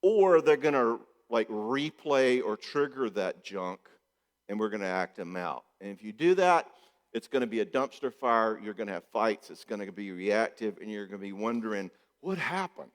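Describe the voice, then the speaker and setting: A man's voice: on the low side, very animated, moderate pace. Joking man in an echoey hall. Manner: joking, conversational, keeps checking in with "okay?". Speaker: marriage therapist speaking at a conference. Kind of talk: conference talk. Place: church hall.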